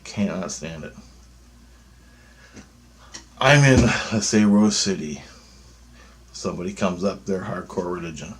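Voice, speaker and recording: A man in his fifties with a somewhat low voice, rambling on in a loose spoken monologue. He talks bluntly and swears freely, jumping from one thought to the next. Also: unhurried, long pauses, a little hiss or hum. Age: 50s. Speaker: vlogger.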